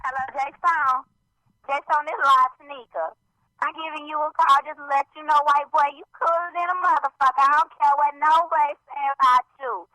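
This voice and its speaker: A woman's voice: sits high, fairly even intonation, a little fast, sharp tone, no echo, low-quality recording. A woman voicing a brash, sassy woman caller in a comic voicemail.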